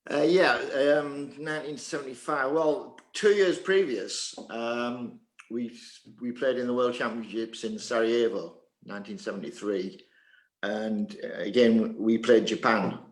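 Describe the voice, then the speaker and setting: A man's voice: medium pitch, steady tone, unhurried. Older english guy, ex table tennis coach, chatting in a q&a, lots of ums and restarts, roomy echoey sound. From England. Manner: hesitant, many fillers and restarts. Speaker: interview guest, former table tennis player and coach. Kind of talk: casual reminiscing in a Q&A.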